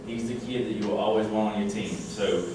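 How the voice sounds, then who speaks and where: A man presenting an award, sincere and a bit halting with fillers. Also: fairly low pitch, fairly even intonation, dark tone. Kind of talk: prepared award speech. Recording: echoey hall, distant mic, room noise.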